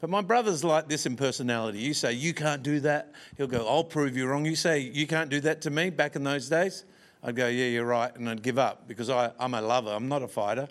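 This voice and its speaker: A man's voice: medium pitch, a little fast, fairly bright tone. A man preaching a storytelling sermon with humorous, self-deprecating asides and frequent chuckles.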